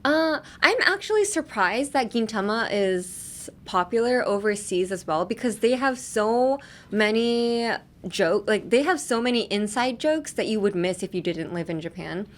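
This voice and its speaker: A woman's voice: mid-range voice, lively intonation, a little slow. A young woman hosting a casual podcast lesson, chatty, laughing often and explaining pronunciation step by step. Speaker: podcast host and English teacher.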